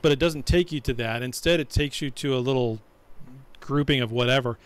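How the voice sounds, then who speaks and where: A man's voice: medium pitch, brisk, clear, resonant tone. A man co-hosting a casual gaming podcast, speaking bluntly and matter-of-factly, swearing casually.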